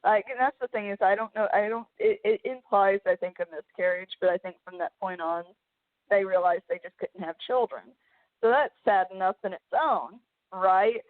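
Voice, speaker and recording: A woman's voice: medium pitch, moderate pace. A young woman hosting a podcast, rambling through a story with many restarts and getting emotional as she talks. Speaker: podcast host. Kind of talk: casual chat. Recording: phone-like narrow band.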